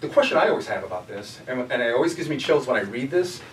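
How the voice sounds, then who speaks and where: A man's voice: medium pitch, animated, fast. A man leading a Bible study in casual teaching style, talking conversationally and asking the group questions. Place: church meeting room. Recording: echoey room, distant mic, faint noise.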